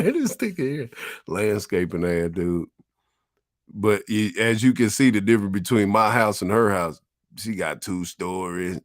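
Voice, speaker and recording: A man's voice: sits low, no room sound, studio quality. A middle-aged man casually reminiscing as he tours his old neighborhood, talking in profane, laid-back street slang. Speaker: vlogger.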